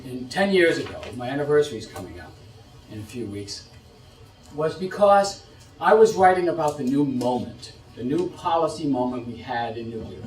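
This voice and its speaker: A man's voice: mid-range voice, recorded from a distance. Middle-aged man lecturing in an echoey room. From United States. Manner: animated, rhetorical questions, repeats phrases. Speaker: policy expert giving a talk. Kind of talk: lecture to an audience.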